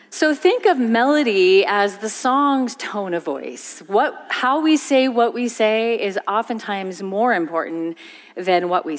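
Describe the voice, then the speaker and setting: A woman giving an expressive stage talk about songwriting, teaching with demonstrations. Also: mid-range voice. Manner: expressive, demonstrative, sings short examples. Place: large hall on stage. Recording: stage talk with long hall reverb.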